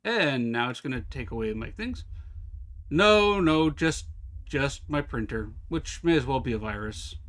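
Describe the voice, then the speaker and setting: A man's voice: mid-range voice, big pitch swings, normal speed, hardly any pauses. A man streaming a horror game live, chatting to himself and the game with wry asides. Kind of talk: live gameplay commentary.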